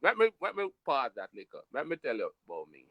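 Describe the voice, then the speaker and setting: A man from Jamaica with a Jamaican accent, telling a story in an animated, emphatic patois style during a casual chat. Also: mid-range voice, fast, no room sound.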